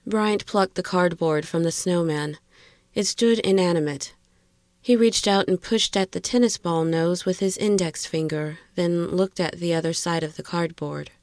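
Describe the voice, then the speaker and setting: Low-voiced woman narrating a horror story. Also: fairly even intonation, normal speed, a little mellow, no echo, studio quality.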